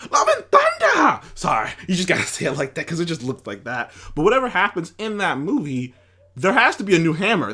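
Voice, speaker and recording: A man delivers casual commentary in a rambling, animated way, full of restarts and fillers. His voice sits fairly high and swings widely in pitch. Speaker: commentary host.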